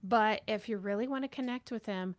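A woman's voice: mid-range voice, fairly quick. A woman talking casually, explaining things with personal examples as she shares her views. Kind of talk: casual conversation.

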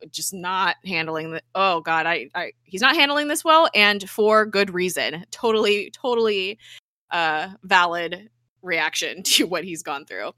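Animated young woman, bright and dry. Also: lowish voice, no room sound. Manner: animated, swears freely, acts out characters' lines in quick voices. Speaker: podcast co-host recapping a TV episode. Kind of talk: casual chat.

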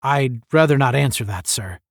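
Earnest young space cadet, read by a man, a touch hesitant, lively pitch. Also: normal speed, gravelly, no room sound, clean studio sound.

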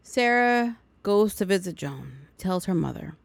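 A woman's voice: mid-range voice, lively intonation, measured pace, creaky, no echo. A woman hosting a podcast, recapping a movie in a chatty way with sarcastic asides. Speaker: podcast host.

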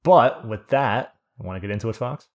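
A man's voice: medium pitch, normal speed. A man hosting a casual podcast chat, telling stories in a rambling way with lots of fillers. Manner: rambling storyteller with many fillers. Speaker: podcast host.

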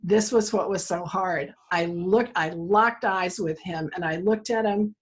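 Husky-voiced woman telling a parenting story. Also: on the low side, a little slow. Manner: animated storyteller, acts out quoted dialogue. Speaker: therapist for kids, interview guest. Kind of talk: conversational interview, storytelling.

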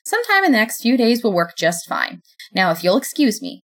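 A woman's voice: a little high, big pitch swings, a little fast, fairly bright tone. A woman voicing God as a harried middle-aged woman, talking in a curt, businesslike, commanding way. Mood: brisk bossy.

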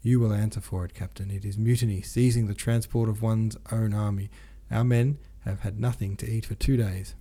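A man's voice: fairly low pitch, fairly even intonation, moderate pace, hardly any pauses, dark tone. A man doing a short, angry infantry officer. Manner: raised, threatening voice.

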